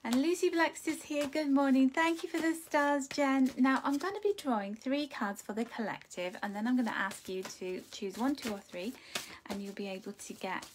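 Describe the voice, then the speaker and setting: A woman's voice: sits high, normal speed, background noise. A woman hosting a live card-reading stream, chatting to viewers and greeting them fondly with endearments. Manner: chatty, with light laughs. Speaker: angel card reader and host.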